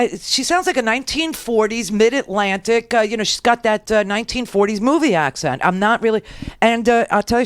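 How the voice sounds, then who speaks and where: A middle-aged woman with a New York accent hosts political talk radio, riffing sarcastically and breaking into quick laughs. Her voice is smooth and crisp. The sound is dry and close. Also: mid-range voice, no echo. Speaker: radio talk show host. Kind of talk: political commentary.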